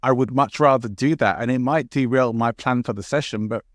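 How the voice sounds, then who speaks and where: A man coach in a conversational podcast discussion, speaking in a steady, explanatory way and quoting clients in passing. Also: medium pitch, a little fast, no room sound, clean studio sound.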